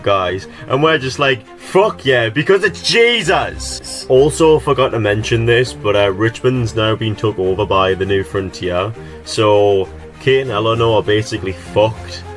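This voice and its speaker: Mid-pitched male game recapper, sarcastic and foul-mouthed, faint music underneath. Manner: exasperated, sarcastic, swears a lot, jumps to high excited yelps. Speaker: gaming video creator. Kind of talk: sarcastic gameplay recap commentary.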